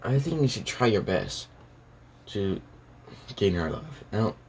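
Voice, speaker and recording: Guy doing a chill friendly teen ninja boy, deep low voice, kinda laid-back. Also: sing-song, measured pace, a little mellow, slight background noise. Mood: easygoing. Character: young teenage male ninja, easygoing and friendly.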